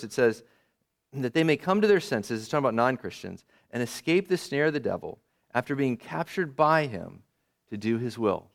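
A male pastor preaching a sermon in an emphatic, conversational way, asking his listeners questions as he teaches. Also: mid-range voice.

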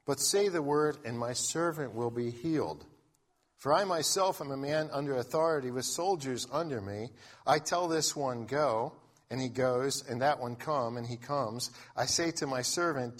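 A man's voice: mid-range voice, normal speed. A man pastor giving a sermon in a conversational way, reading scripture aloud and often restarting his sentences. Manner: conversational preaching with frequent restarts.

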